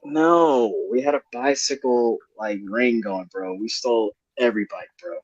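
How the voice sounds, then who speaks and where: A man's voice: medium pitch, unhurried, no echo. Rambling young man telling a story. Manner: rambling, laughing, heavy slang and swearing. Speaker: panelist. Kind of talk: casual storytelling. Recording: dull lo-fi live stream audio.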